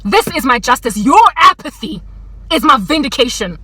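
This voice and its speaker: A woman's voice: high voice, big pitch swings, moderate pace, pushed and bright, slightly rough, poor audio. A young South African woman with a South African accent, delivering a fervent, sarcastic and preachy vlog monologue that mixes in Sotho phrases. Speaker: vlogger. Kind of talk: impassioned monologue to camera.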